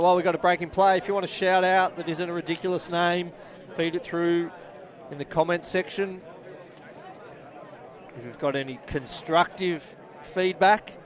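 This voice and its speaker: A man calls a rugby match live from the ground, his voice sitting a little high for a man. He fires off quick play-by-play calls, then drops into easygoing asides to the people watching online. A faint crowd murmurs behind him in the open air. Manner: rapid play-by-play, bursts of excitement, chatty asides to viewers. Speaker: match commentator. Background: crowd at a local rugby match.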